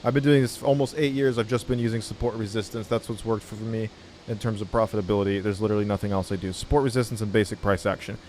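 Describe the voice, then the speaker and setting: A man's voice: fairly low pitch, fairly even intonation, fast talker, a little mellow, slight background noise. A man giving a casual trading tutorial in a blunt, laid-back manner, swearing freely. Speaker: trading educator.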